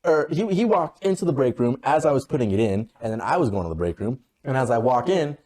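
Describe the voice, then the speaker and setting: A man tells a casual story about a workplace grudge, in a mid-pitched voice. He is blunt and swears constantly. He acts out his own lines in quoted dialogue. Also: very animated, quick pace, darkish tone.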